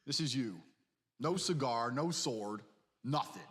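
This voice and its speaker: A man's voice: mid-range voice, lively intonation, unhurried, a bit bright, big-room sound. A man in a played video delivering a brash, profane, mocking rant that lectures the listener. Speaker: online personality in a played video. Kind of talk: ranting monologue.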